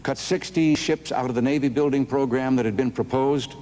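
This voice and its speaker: A man giving a rebuttal in a formal debate, steady and conversational, going through points one by one, from an archival recording. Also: medium pitch, fairly quick, a little hiss or hum. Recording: archival debate audio with long hall reverb.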